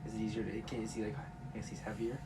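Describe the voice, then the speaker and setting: A man's voice: lowish voice, level tone, fast talker. A man playing in a tabletop game, asking lots of hesitant questions. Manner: hesitant, asks many questions. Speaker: player. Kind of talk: tabletop role-play. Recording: heavy background noise.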